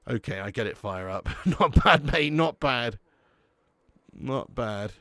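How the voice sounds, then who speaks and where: A man's voice: medium pitch, animated, slow pace, bright, forceful tone, no echo. A man from Dorset with a southern English accent, hosting a live stream and bantering casually with the chat, slangy, swearing and laughing. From Dorset, England. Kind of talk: casual watch-along chat reading live chat.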